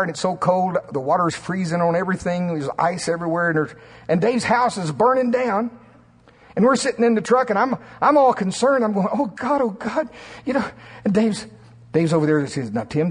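A man preaching a sermon in church, telling stories in an animated way and often laughing. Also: on the high side, breathy edge. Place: church sanctuary.

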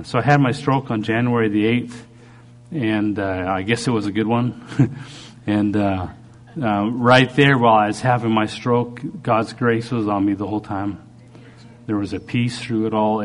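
Earnest preacher man, low voice. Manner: earnest, halting, with frequent restarts. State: recovering from a stroke. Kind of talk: personal testimony in a sermon.

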